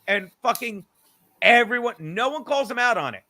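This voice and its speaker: A middle-aged man with a high, bright, sharp voice rants through a casual comedy podcast. He argues his side in an animated way, swears freely and laughs at his own points. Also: moderate pace. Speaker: podcast host.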